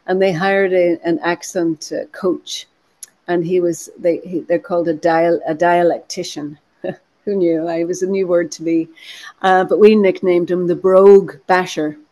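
A woman in her sixties with a soft Irish accent, chatting animatedly in an interview with frequent restarts. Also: fairly low pitch, fairly even intonation, unhurried. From Ireland. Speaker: actress and producer. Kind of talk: interview conversation.

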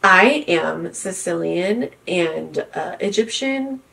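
A woman's voice: on the low side, expressive, slow, creaky, bright, forceful tone, recorded from a distance, rough recording. A young woman hosting a podcast, chatting casually and filling her talk with "like" and "literally.". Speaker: podcast host. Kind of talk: casual chat.

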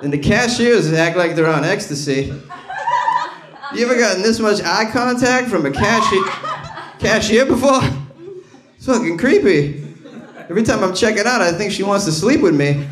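A man doing a stand-up set, telling stories and dropping into deadpan quotes of other people. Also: sits high, moderate pace, pauses often. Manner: conversational storytelling with deadpan quoted asides. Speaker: stand-up comedian. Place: comedy club stage. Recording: echoey club with crowd laughter. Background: audience laughing.

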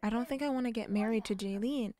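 A woman's voice: fairly high pitch, quick pace, warm tone, natural voice. A woman voicing an angry, defensive young man in a life-sim game, in a voice close to her own. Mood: sullen.

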